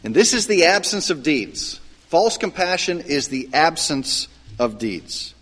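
A man's voice: fairly high pitch, sing-song, measured pace, a bit bright. A male pastor preaching a sermon in an earnest, conversational way, often restarting his phrases. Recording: long hall reverb.

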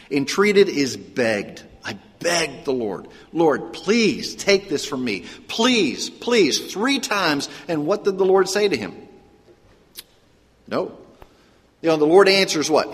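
A man preaching a sermon, often putting questions to the congregation and pausing for an answer. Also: a little high, a bit bright, slightly rough. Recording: echoey hall with long reverb.

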